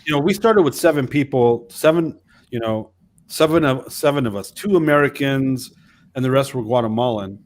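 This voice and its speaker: A man in his fifties, a missionary pastor co-hosting a casual chat, telling stories in a rambling, animated way with many restarts. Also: medium pitch, normal speed.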